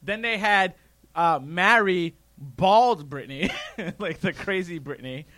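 A man's voice: high-pitched, takes it slowly, no room sound. A man co-hosting a podcast in a small studio, bantering casually, joking and laughing easily. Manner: animated, laughs easily, jokey. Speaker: podcast co-host.

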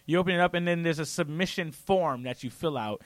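A man's voice: on the high side, dry recording. A man co-hosting a radio show in casual, rambling chat, laughing easily. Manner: rambling, chatty, quick laughs.

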